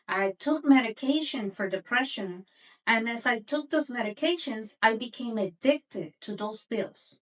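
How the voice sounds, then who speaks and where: A woman's voice: on the high side, unhurried, fairly bright tone, distant mic, poor audio. A middle-aged woman, a podcast host, earnestly telling a personal story and repeating words for emphasis.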